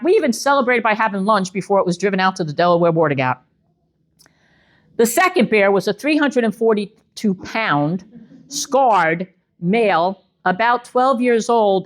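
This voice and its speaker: Lively New woman telling animal stories. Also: mid-range voice. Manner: humorous storyteller, acts out animals in voices. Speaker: animal control officer giving a wildlife talk. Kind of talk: lively public presentation.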